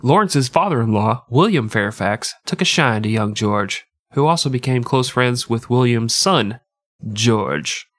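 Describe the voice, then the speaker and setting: A man's voice: mid-range voice, animated, measured pace, fairly bright tone, no room sound, clean studio sound. A man with a nasal voice co-hosting a podcast, telling history as crude, irreverent comedy. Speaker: podcast co-host. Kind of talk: comic history storytelling.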